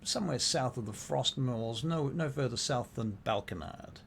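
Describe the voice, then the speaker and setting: A man running a tabletop game as game master, his mid-range voice gravelly. He narrates thoughtfully, often stopping to reshape his phrasing. A faint hum sits in the background. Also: mid-range voice, normal speed. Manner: thoughtful narration with many fillers and restarts.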